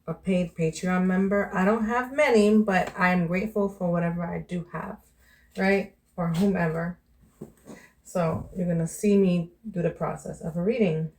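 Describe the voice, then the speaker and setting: A woman's voice: fairly low pitch, a little mellow, a little hiss or hum. A woman from New York, a vlogger and tarot reader, chatting casually to the camera in a candid way and calling the viewer "child" and "baby".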